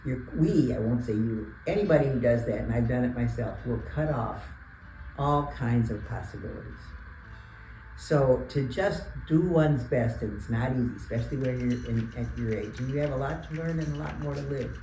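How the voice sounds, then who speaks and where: A woman, a religious sister, giving reflective advice to young people, pausing to search for words. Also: a bass voice, mellow, slight background noise. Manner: thoughtful, pauses to search for words. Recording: echoey room with music behind.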